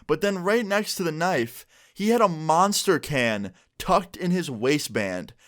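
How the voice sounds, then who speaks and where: A young man telling a story-time vlog in a casual, joking way, swearing freely and getting animated. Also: a little high, unhurried. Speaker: storyteller vlogger.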